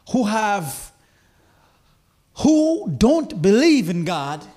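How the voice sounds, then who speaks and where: Preacher guy, high voice, swings up and down a lot, takes his time. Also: a little mellow. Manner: slow, emphatic preaching with rising repeated phrases. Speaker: pastor. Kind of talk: sermon.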